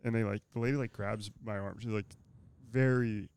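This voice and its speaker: A man's voice: on the low side, fairly even intonation, normal speed, vocal fry, darkish tone, clean tone, dry recording. A young man telling a casual story on a podcast, swearing freely and filling his talk with "like". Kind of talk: casual chat.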